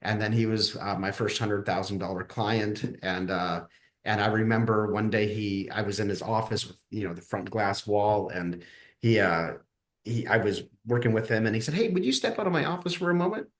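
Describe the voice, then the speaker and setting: Brief: male coach, low voice, chatty storyteller, echoey room. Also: normal speed. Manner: animated storyteller who acts out quoted dialogue. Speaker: coach and guest. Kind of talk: casual podcast interview storytelling.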